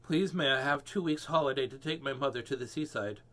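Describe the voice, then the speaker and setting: A meek, polite little office clerk from a storybook, voiced by a man. He pleads hesitantly, in a bright, lively voice. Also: fairly high pitch, fairly quick. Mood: pleading.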